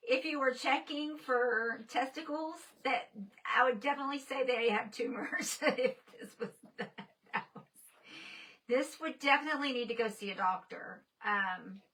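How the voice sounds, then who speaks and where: Chatty woman with a bright voice. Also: sits high, recorded from a distance, rough recording. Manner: chatty, laughs often, answers viewers' comments. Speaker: painter hosting a live stream. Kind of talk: casual live-stream chat while painting.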